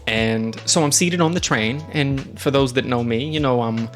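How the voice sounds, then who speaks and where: A man casually telling a travel story on his stream, animated and jumping into quoted voices. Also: medium pitch, moderate pace, faint music behind.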